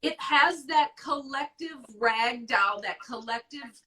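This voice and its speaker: A woman hosting an advice show in casual chat, blunt and profane, talking with animated emphasis. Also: sits high, slow, recorded from a distance, low-quality recording.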